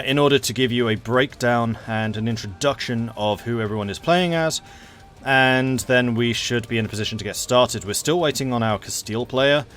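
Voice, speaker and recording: A man's voice: medium pitch, fairly bright tone. A man hosting and commentating a multiplayer strategy game stream in a chatty, enthusiastic way. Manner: chatty, enthusiastic, laughs easily. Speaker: game match commentator and host.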